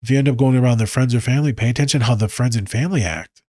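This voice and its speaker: A man hosting a podcast, giving blunt, profane advice and telling animated stories in a casual monologue. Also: mid-range voice, racing, no room sound, studio quality. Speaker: podcast host.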